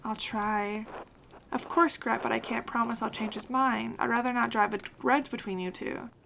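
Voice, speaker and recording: A woman's voice: on the high side, steady tone, vocal fry, fairly bright tone, slight background noise, low-quality recording. A woman voicing a polite, conciliatory male master artist, reading the player's dialogue choices aloud. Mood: apologetic. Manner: reading the player character's lines, polite and measured.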